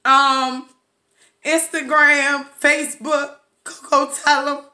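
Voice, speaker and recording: A woman hosting her own podcast, talking in an emotional, nervous, excitable way and calling listeners baby and boo. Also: high-pitched, takes it slowly. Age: adult with children. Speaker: podcast host. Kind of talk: casual motivational talk. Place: Maryland, USA.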